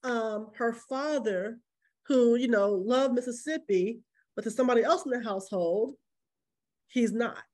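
A woman co-hosting a podcast, chatting in an animated, casual way about television shows. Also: a little high, unhurried. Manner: animated, chatty, quotes lines dramatically. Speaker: podcast co-host.

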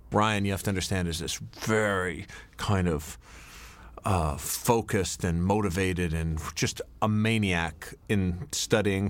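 Middle-aged man, very low voice, rambling director's commentary with lots of uhs and restarts. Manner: rambling, anecdotal, many fillers and restarts. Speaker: film director. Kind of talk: DVD commentary.

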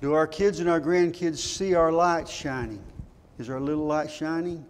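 A man's voice: a little high, moderate pace, clean tone. An older man preaching a sermon, telling folksy stories and asking his congregation rhetorical questions. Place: church sanctuary. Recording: church hall reverb.

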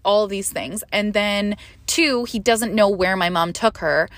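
A woman's voice: mid-range voice, unhurried, hardly any pauses, fairly bright tone, no echo. A young woman talks straight into the mic in a confessional podcast monologue. She is candid and rambling, swearing freely and leaning on fillers, and her voice climbs sharply when a memory of panic takes over. The sound is dry and close, with a mid-range voice. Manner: emotional, rising sharply when reliving panic. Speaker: podcast host.

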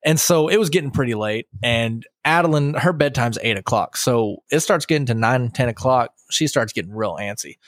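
A man in his thirties spins a casual fishing yarn, jumping into quoted voices of himself and his buddies. His voice sits at a middle pitch, and the recording is dry and close with no room sound around it. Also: normal speed, hardly any pauses, dry recording. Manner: animated storyteller, quotes himself and friends. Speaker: podcast host. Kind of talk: casual chat.

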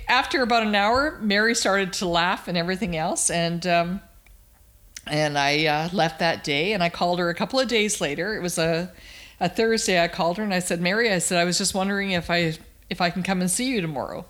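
A woman's voice: lowish voice, brisk, a bit bright. An emphatic woman tells a long personal story as an interview guest. She talks plainly and animatedly, pushing her key lines. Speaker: guest, cancer survivor.

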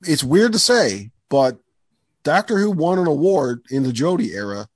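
A man's voice: on the high side, sing-song, normal speed, dry recording. A man hosting a podcast in casual chat, enthusiastic and rambling with lots of fillers. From Canada. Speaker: podcast host.

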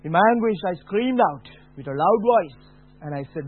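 A man preaching a personal testimony, dropping to a hush and then rising to a shout. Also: a little high, animated, husky. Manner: slow, dramatic, swings from hushed to shouting. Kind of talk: testimony sermon. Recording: tinny phone-like sound.

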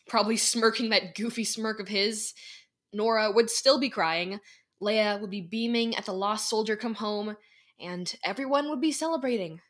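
A teenage girl narrating a homemade fan audio drama at a steady pace. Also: medium pitch. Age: teens. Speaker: co-narrator and voice actor.

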